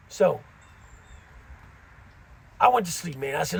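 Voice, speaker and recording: A man's voice: high voice, expressive, normal speed, gravelly, pauses often, pushed and bright, husky. A middle-aged man casually telling a story from his time in prison, using street slang and frequent asides.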